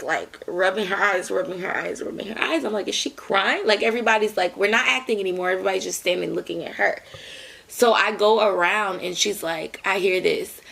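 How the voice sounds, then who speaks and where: Gravelly young woman telling a story. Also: mid-range voice. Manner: animated, filler-heavy, repeats words. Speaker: vlogger. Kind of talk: casual storytelling.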